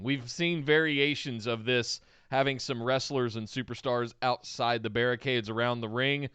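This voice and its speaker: A man co-hosting a podcast, chatting enthusiastically about wrestling and breaking into loud exclamations. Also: medium pitch, clear, resonant tone, no room sound. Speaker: podcast co-host. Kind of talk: casual wrestling recap chat.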